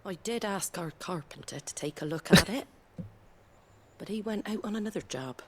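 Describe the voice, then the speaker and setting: An actress voicing a wary, blunt innkeeper woman in a game, husky and plain-spoken. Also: mid-range voice, animated, normal speed, background noise, lightly acted. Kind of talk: game dialogue.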